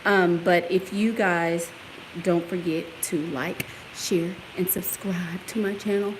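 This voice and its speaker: Sassy, animated woman vlogging at home. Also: lowish voice, slow pace. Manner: sassy and animated, talks back to commenters, laughs often. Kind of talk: casual vlog chat. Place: at home, moving around the house and yard. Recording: home recording with clear background noise.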